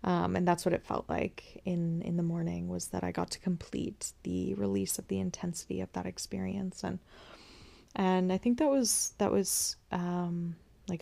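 Slow, gravelly, soft-spoken woman. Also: fairly low pitch. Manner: slow, soft-spoken and reflective, many "um"s and repetitions. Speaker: podcast host. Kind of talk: personal storytelling monologue.

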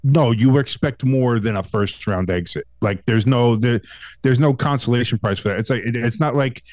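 Man, sports podcast co-host, getting over a cold, rambling, swearing, mid-pitched, dry studio sound. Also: normal speed, dry recording. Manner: rambling, animated, swears, many restarts. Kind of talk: casual sports chat.

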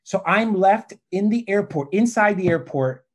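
A man telling stories in a casual podcast chat, animated and fond of saying "literally" and "right?". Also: sits high, moderate pace. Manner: animated storyteller, says "literally" and "right?" often. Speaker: podcast guest.

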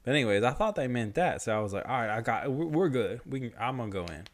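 A young man telling a story in casual chat, slangy, swearing a lot and animated. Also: mid-range voice, fast talker.

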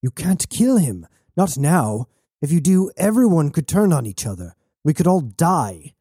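A man's voice: mid-range voice, normal speed, mellow, no room sound, clean studio sound, voice pushed up, lightly acted. A man doing a desperate bound prisoner. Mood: urgent. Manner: urgent, pleading. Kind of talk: audiobook narration.

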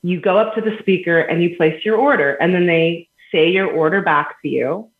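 A woman with a lowish voice, speaking at normal speed, is a guest on a podcast interview, explaining things earnestly through everyday examples and laughing between points. The line sounds echoey and phone-quality.

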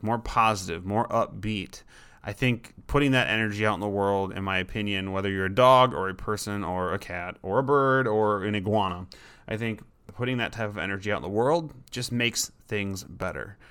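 A man's voice: fairly low pitch, bright, forceful tone. A man hosting a podcast, talking casually and rambling, often repeating words and voicing his dog in short asides. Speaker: podcast host.

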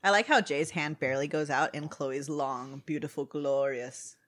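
A woman's voice: low-pitched, moderate pace. A young adult woman co-hosting a casual podcast, chatting and then reading a story aloud with lots of ums. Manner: relaxed, hesitant with frequent ums.

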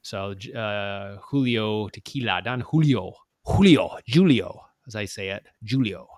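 Rambling, self-correcting podcast host. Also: male voice, on the low side, a little slow, dry recording, clean studio sound. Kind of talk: casual chat.

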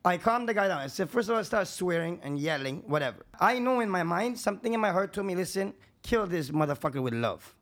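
A man with a high voice tells his stories as a podcast guest. His talk is casual, rambling and full of swearing. He drops low for asides and climbs high when a story gets exciting. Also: fast, hardly any pauses. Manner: profane, animated, rambling anecdotes; swings between low asides and raised excitement.

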